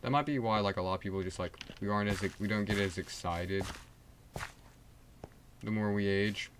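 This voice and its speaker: A teenage male streamer with a fairly low voice rambles casually at normal speed while playing a game, full of fillers and restarts. Loud background noise fills the recording.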